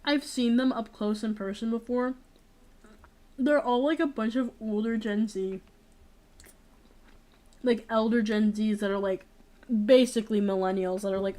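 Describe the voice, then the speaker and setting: A woman's voice: on the high side, steady tone, measured pace, long pauses, warm tone. A young woman chatting casually in a Q&A, rambling with many fillers and restarts, blunt and opinionated. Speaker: streamer. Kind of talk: casual chat.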